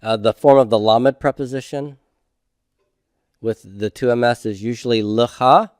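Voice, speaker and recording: Here a middle-aged Hebrew teacher explains grammar slowly and methodically, one step at a time, checking in regularly with "okay?". He has a steady mid-range voice, a little mellow and clean in tone, on a dry, studio-quality recording.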